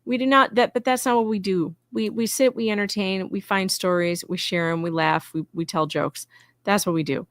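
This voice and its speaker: A woman's voice: mid-range voice, fairly even intonation, normal speed, no echo. A woman commentator on a casual live stream who talks emphatically, stacks short repeated statements, and gets indignant. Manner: emphatic, indignant, repetitive lists. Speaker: YouTube commentator, guest co-host.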